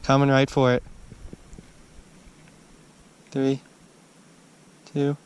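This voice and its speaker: An excitable man talking casually to the camera, outdoors on a frozen lake, with a faint outdoor hush behind him. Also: mid-range voice, unhurried, smooth. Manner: excitable, exclaims loudly when he lands a fish. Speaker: angler filming his fishing trip. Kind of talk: casual running commentary.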